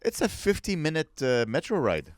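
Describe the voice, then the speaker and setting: Man, podcast co-host, teasing, animated pitch, dry close mic. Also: normal speed, dry recording. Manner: teasing, lively. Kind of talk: casual chat.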